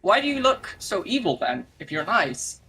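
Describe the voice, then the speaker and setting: A man's voice: sits high, sing-song, moderate pace, pushed and bright, slight background noise, voice pushed up, exaggerated voice, poor audio. A man voicing an earnest male explorer in an offhand, casual way.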